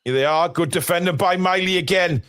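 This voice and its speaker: Excitable high-voiced man. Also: fairly quick, clear, resonant tone. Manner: excitable, shouting and swearing at goals. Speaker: fan channel host. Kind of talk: live football watchalong commentary.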